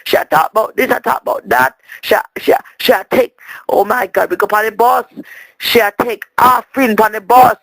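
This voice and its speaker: A fussy Jamaican woman, played by a man, rants her way through a long voicemail, tripping over her words as she complains. Her voice sits very high with a gravelly edge. The sound is dry and close, with no room around it. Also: fairly even intonation, normal speed, a bit bright, no echo, full character voice, rough recording. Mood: exasperated. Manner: rambling, stammering, complaining. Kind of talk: comic monologue as a voicemail.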